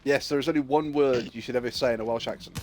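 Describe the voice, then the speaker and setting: A man streaming a video game, chatting casually and teasing his co-player with animated stories. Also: medium pitch, quick pace, slight background noise. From United Kingdom. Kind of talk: casual chat while gaming.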